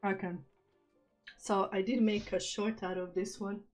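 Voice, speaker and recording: Woman streamer chatting and giggling, kinda self-conscious, mid pitch, a little music in the back. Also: little pitch movement, moderate pace, a little mellow. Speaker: streamer host. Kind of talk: casual live-stream chat and poem reading.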